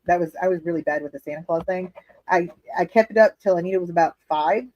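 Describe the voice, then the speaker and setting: A woman's voice: fairly low pitch, fast talker, a little mellow, no echo, lo-fi sound. A woman hosting a casual livestream from her living room, chatting candidly with viewers, laughing often and swearing freely. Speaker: livestream host reading chat. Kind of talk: casual chat.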